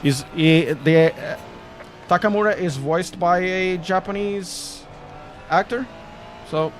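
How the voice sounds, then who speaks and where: A man's voice: high-pitched, slow pace, long pauses, faint music behind. A man, chatting casually and rambling jokily on a sim racing live stream. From Portugal. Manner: rambling, self-deprecating and jokey.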